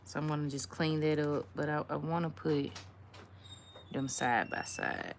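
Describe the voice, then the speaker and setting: Slow, low-voiced woman chatting through a nail tutorial. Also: steady tone, vocal fry, noisy background. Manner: chatty, slangy, talks to viewers while working; drops to a whisper while concentrating. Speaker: nail art vlogger. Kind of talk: casual nail tutorial chat.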